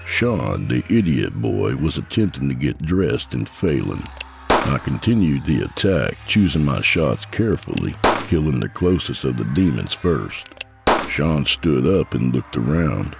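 Very deep, gravelly male storyteller. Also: sing-song, very noisy. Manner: grim, measured. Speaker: narrator. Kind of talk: first-person horror story narration. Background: soft guitar music.

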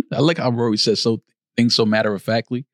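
A man's voice: mid-range voice, moderate pace, no room sound, studio quality. A man co-hosting a podcast, talking in a laid-back, slangy way and often laughing. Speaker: podcast co-host. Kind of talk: casual debate chat.

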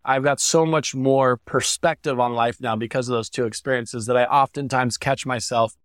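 A man's voice: medium pitch, steady tone, normal speed, smooth, no echo, clean studio sound. A young man as a podcast guest, sharing a painful personal story in an earnest, heartfelt way that turns emotional at times. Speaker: guest speaker. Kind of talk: candid interview storytelling.

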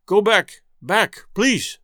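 A man reading aloud who voices a calm, impassive male station clerk with even, unflustered speech. The clerk pleads at first, then speaks with quiet weight. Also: high voice, extremely slow, no echo, studio quality, full character voice.

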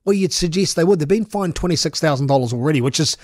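A man's voice: fairly high pitch, expressive, fast, no echo, studio quality. Opinionated New radio man. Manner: opinionated, rambling with restarts. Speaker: sports radio host. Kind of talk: casual radio chat.

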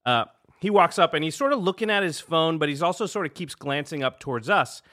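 A man hosting a podcast, telling a story in casual chat, animated and laughing often. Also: fairly high pitch, a little fast. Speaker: podcast host.

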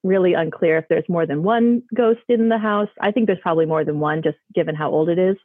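Her voice lowish and a little fast, a woman loosely recounts a personal ghost story as a guest, peppering it with fillers like "um" and "like." There's no echo; the line sounds dry and tinny, like a phone.

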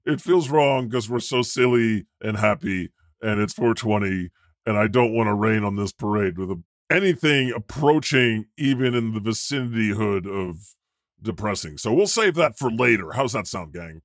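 A man's voice: fairly low pitch, animated, moderate pace, no echo, studio quality. A man hosting a comedy podcast in character as God, rambling and self-deprecating, laughing often. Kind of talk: improvised comedy chat.

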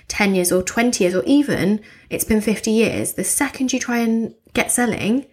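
A woman co-hosting a podcast, telling a case in a lively, chatty way and laughing often. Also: fairly high pitch, normal speed, slightly rough. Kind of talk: casual chat.

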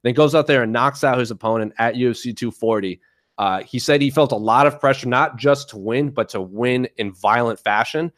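A man co-hosting a casual podcast, chatty and quick to laugh. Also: medium pitch, fairly bright tone, no room sound, clean studio sound. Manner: chatty, laughs easily, some restarts. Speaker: podcast co-host. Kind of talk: casual podcast chat about MMA.

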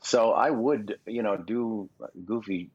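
A man's voice: on the low side, takes it slowly, slightly rough. A man in his sixties from Canada, a voice actor and guest on a podcast, telling rambling, self-deprecating stories about his past. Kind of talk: casual podcast interview. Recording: dull lo-fi recording.

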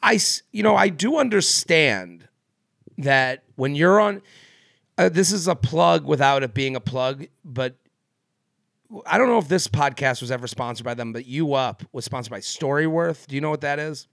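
Chatty podcast guy with a gravelly voice. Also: on the high side, moderate pace, fairly bright tone, no room sound, clean studio sound. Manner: rambling, many fillers and restarts, laughs often. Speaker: podcast co-host. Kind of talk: casual chat.

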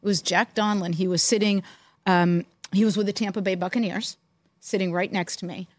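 An older woman co-hosting a podcast, telling animated, giggly stories from her working years in casual chat. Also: mid-range voice, brisk, no echo. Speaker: podcast co-host.

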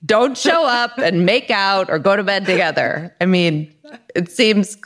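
A woman clinical psychologist giving calm, structured advice as a podcast guest. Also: medium pitch, measured pace.

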